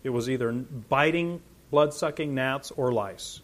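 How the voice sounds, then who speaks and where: A man preaching a sermon, animated and full of rhetorical questions, swinging between loud emphasis and quiet asides. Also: mid-range voice, unhurried.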